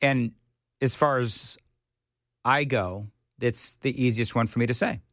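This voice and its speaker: A man's voice: mid-range voice, unhurried, a bit bright, dry recording, studio quality. A man hosting a morning talk radio show, opinionated and joking. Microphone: studio mic.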